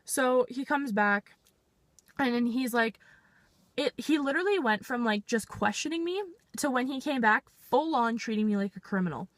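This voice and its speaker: A woman's voice: fairly high pitch, animated, moderate pace. A 19-year-old woman from Canada ranting in an exasperated storytime vlog, swearing and saying "like" constantly. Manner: exasperated, swearing, heavy use of "like". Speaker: vlogger. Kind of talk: storytime rant.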